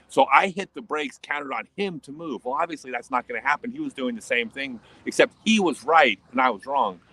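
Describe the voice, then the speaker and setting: Animated laughing American man storyteller. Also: medium pitch, poor audio. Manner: animated, laughing, restarts and quick asides. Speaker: livestream host. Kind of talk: casual storytelling and answering chat. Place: home in Australia, livestream.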